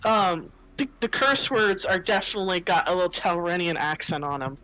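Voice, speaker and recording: A woman running a tabletop game as game master, narrating scenes in an unhurried, descriptive way with fillers. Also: on the low side, lively intonation, bright, forceful tone, no echo, low-quality recording.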